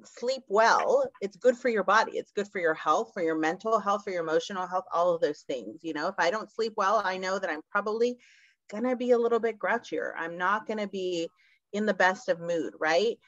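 A woman co-presenting an online workshop, talking conversationally with quick asides. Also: mid-range voice, fairly bright tone, no echo. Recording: dull lo-fi, dry sound.

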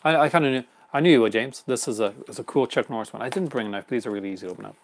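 Quick, rambling male host. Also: mid-range voice, a little hiss or hum. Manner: rambling, quick, chuckling often. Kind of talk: casual live unboxing chat.

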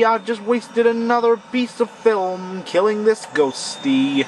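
A man's voice: high-pitched, moderate pace, few pauses, noisy background. A man commentating a horror game, sarcastic and shrieking when startled. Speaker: let's play gamer.

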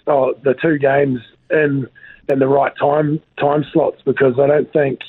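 A man's voice: mid-range voice, little pitch movement, a little slow, dry recording. A New Zealand man, a former rugby player, chatting casually as a guest in a laid-back, rambling way, full of fillers. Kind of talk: casual chat. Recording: tinny phone line.

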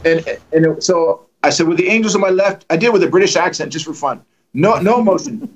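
A man telling lively stories as a guest evangelist on a livestream, acting out the quotes and joking. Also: sits high, a little fast, rough recording. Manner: animated, acts out quotes, joking. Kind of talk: storytelling in a livestream conversation.

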